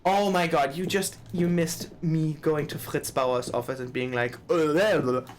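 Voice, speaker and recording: A streamer chatting casually while playing a game, rambling, swearing and quick to laugh. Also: medium pitch, slight background noise. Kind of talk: casual live-stream chat.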